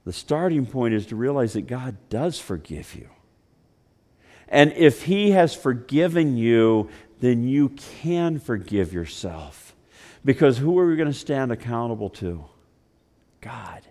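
A man preaching a sermon, telling the story with conversational asides, swinging between loud and hushed passages. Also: mid-range voice, sing-song, unhurried. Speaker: pastor.

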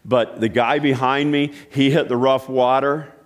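A man preaching a sermon, telling stories and asking questions, swinging between loud exclaiming and hushed, quiet passages. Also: mid-range voice, steady tone, a little slow. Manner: storytelling with repeated restarts and rhetorical questions. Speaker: pastor.

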